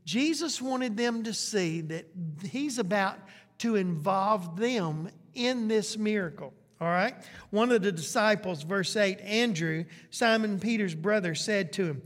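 Male pastor, slow deliberate sermon delivery, high voice, long hall reverb. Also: fairly bright tone. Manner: preaching with questions to the congregation.

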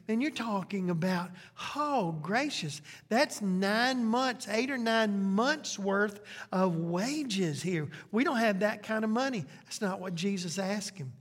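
Slow, high-voiced preacher in a reverberant hall. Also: male voice, expressive, a bit bright. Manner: preaching with questions to the congregation. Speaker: pastor. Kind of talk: sermon.

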